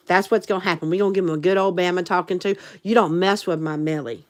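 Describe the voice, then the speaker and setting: A woman's voice: fairly low pitch, steady tone, fast talker, hardly any pauses. A woman chatting casually to a live stream audience, giggly and rambling. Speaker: livestream host and teacher.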